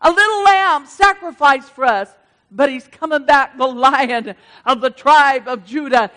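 A woman preacher giving a fervent sermon, calling out to the congregation and swinging from shouts to hushed asides. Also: sits high, unhurried. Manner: addresses the congregation directly.

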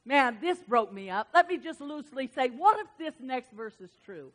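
A woman's voice: sits high, animated, moderate pace, a bit bright. A woman preaching a sermon to women, passionate and emphatic, breaking into exclamations and rising bursts.

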